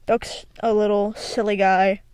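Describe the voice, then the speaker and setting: Into a desk microphone with an echo filter, a young female video creator rambles through casual solo commentary, giggling and restarting often as she interrupts herself. Her mid-range voice barely moves in pitch and is a little slow and slightly mellow. The tone is clean, with no room sound.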